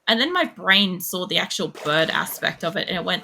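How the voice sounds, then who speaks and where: A woman's voice: lowish voice, moderate pace, vocal fry, hardly any pauses, sharp tone, slight background noise. A young woman streams a game, rambling through stories with a lot of swearing and laughter. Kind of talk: casual live-stream chat while playing.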